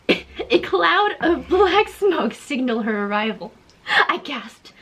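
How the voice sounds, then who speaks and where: A woman's voice: high voice, very animated, slow, fairly bright tone, rough recording. A young woman reading her old childhood story aloud, amused, with joking asides and dramatic voices. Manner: amused, reads with dramatic voices, cracks up laughing.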